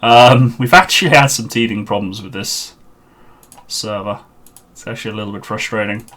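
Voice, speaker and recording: A man's voice: fairly low pitch, normal speed, fairly bright tone. A man streaming a game live, chatting and muttering to himself on a headset mic while he sorts out a server.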